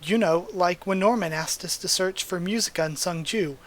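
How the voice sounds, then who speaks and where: Guy reading as a steady practical teen girl from a manga, kinda high voice. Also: normal speed, close to an everyday voice.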